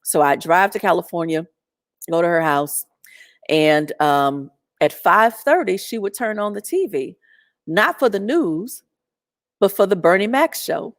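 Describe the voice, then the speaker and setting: Middle-aged woman, storytelling, animated and chatty, low voice, dry sound. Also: unhurried, no room sound. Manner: animated, laughing, lots of fillers. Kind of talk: personal storytelling.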